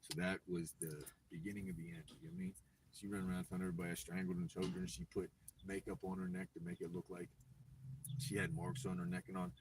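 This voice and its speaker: A man's voice: deep voice, quick pace. A man telling a long personal story in casual live-stream chat, rambling with restarts and acted-out quotes. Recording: distant mic with clear background noise.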